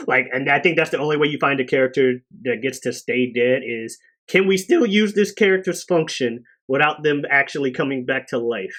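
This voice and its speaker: A man on a casual podcast, telling a story with energy and loudly acting out the characters' lines. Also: mid-range voice, moderate pace. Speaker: podcast co-host. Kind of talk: casual chat.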